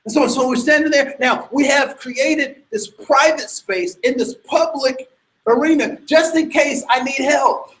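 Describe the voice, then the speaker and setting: A man telling a personal story to an audience in an animated way, stammering into restarts and breaking into sudden loud bursts. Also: very high voice, measured pace, low-quality recording.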